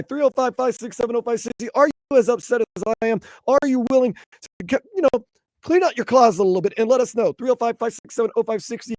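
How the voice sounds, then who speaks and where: A man's voice: very high-pitched, fast talker, darkish tone, dry recording. A man from New Orleans hosting a call-in sports radio show, swinging between weary and fired up.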